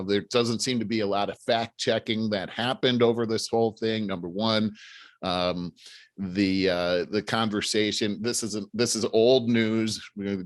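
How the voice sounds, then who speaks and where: Man, podcast host, lowish voice, hesitant, filler-heavy, dry close recording. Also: no echo. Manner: hesitant, many fillers while recounting news. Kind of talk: casual news discussion.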